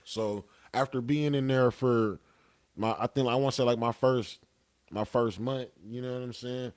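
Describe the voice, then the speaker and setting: A man's voice: medium pitch, steady tone, moderate pace. Laid-back, profane young man storyteller. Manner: laid-back, profane, peppered with "you know what I'm saying". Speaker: podcast guest. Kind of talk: casual storytelling.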